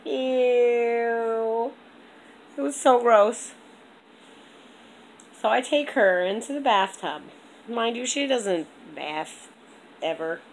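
A young woman chatting on a home vlog, rambling and animated, with a congested throat. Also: a little high, slow pace, pauses often, slight background noise, poor audio. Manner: rambling, animated storytelling with lots of "like". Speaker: vlogger. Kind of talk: casual vlog chat.

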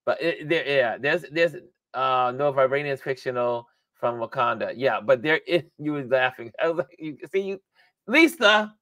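A man's voice: medium pitch, lively intonation, moderate pace, pushed and bright, no echo, studio quality. A man hosting a casual livestream, rambling and thinking aloud with frequent laughter. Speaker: livestream host.

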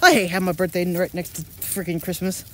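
A woman's voice: lowish voice, steady tone, quick pace, fairly bright tone, a little hiss or hum. A woman vlogging casually about her day, chatting and talking playfully to her pets. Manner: chatty, playful, talks to pets in silly voices. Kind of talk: casual family vlog chat.

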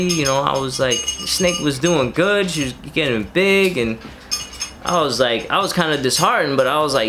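A man in his thirties telling a personal story in a rambling, casual way, full of fillers and relaxed slang. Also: medium pitch, normal speed, noisy background. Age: 30s. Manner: rambling, filler-heavy, laid-back slang. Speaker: reptile keeper and vlogger.

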